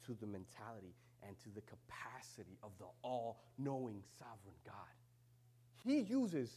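A man preaching a sermon with humorous asides, swinging from hushed whispers to loud, impassioned shouts. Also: mid-range voice, husky.

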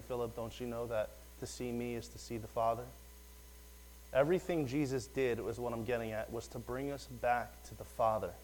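A man's voice: mid-range voice, a little mellow, a little hiss or hum, poor audio. Rambling, conversational man preaching. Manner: rambling, conversational, fillers and asides. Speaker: lay preacher. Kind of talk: informal sermon.

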